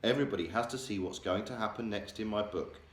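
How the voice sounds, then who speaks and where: A male primary school teacher with a lowish voice reads a children's novel aloud quickly, changing his voice for the characters. The room is echoey.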